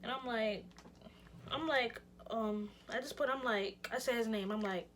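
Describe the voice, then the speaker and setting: A young woman vlogger telling a personal story in an animated, slangy way, speaking straight to her viewers and swinging between loud outbursts and hushed near-whispers. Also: on the high side, a little slow, slight background noise. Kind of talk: casual storytime vlog.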